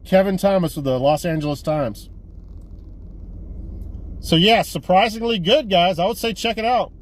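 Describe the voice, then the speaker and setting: A man with a fairly high voice retells a movie plot in a loose, rambling way, swearing freely and restarting his sentences. He sounds like a casual video review of a movie haul, with vehicle noise faintly in the background. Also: moderate pace. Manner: rambling, profane, animated retelling. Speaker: movie collector vlogger.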